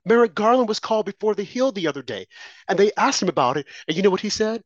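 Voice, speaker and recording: A man's voice: high-pitched, expressive, fast, dry recording, lo-fi sound. A man co-hosting a political talk show, delivering impassioned, preachy commentary full of rhetorical questions and warnings.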